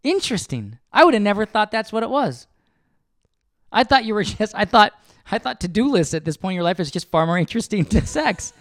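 A man's voice: sits high, very animated, a little fast, a bit bright, no echo. A man co-hosting a podcast with his wife, joking and swearing freely as he gets defensive on a close mic. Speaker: podcast co-host. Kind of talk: casual couple chat.

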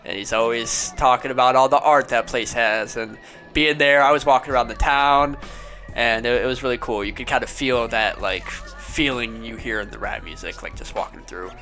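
A man's voice: mid-range voice, normal speed, bright, forceful tone, soft background music. A young man from Ohio, a podcast guest, telling stories in a laid-back, casual way and saying "dude" and "man" a lot. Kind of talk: casual chat.

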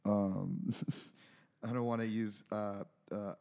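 Rambling podcast guy, mellow voice. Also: on the low side, level tone, slow pace, gravelly. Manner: rambling, self-deprecating, many restarts. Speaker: podcast co-host. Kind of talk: casual movie chat.

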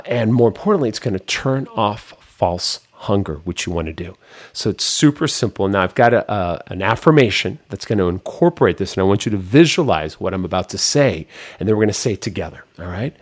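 Energetic lower-voiced male health coach. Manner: energetic, coaching, leads repeated affirmations. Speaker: health coach and show host. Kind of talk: motivational podcast talk.

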